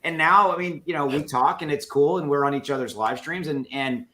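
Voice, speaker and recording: A man's voice: fairly high pitch, brisk, sharp tone. A man with a Texas accent making an earnest, emphatic point on a video call, with plenty of filler words. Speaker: crypto streamer. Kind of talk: casual live-stream chat.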